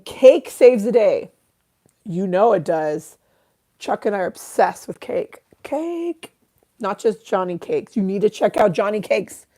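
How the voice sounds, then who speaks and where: A woman's voice: mid-range voice, mellow. A woman in her thirties hosting a casual livestream, rambling, swearing freely and reading out chat comments. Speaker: livestream host.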